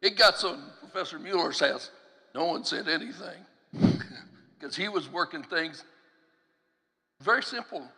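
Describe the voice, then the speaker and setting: A man preaching a teaching-style sermon in a church, telling stories with an animated delivery, laughing between phrases and acting out the voices he quotes. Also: on the high side, husky. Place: church sanctuary. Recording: long church hall reverb.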